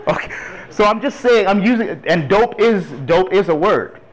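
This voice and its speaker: Brief: man in his 30s, a Toronto native, animated church speaker with a slightly raised voice. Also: high-pitched, moderate pace, rough recording. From Toronto, Canada. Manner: lively, chatty, laughs with the audience. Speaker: guest speaker on urban ministry. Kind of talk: church talk to a congregation.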